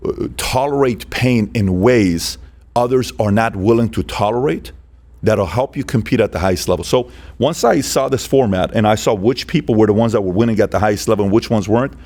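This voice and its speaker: A man appearing as a podcast guest, telling animated stories and acting out quoted dialogue with emphasis. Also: lowish voice. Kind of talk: animated storytelling.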